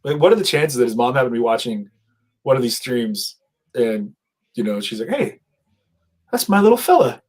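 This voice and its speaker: A livestream host with a medium-pitched voice talks briskly into a headset at his streaming setup. His casual commentary is chatty and rambling, and he laughs at himself. The recording is low quality.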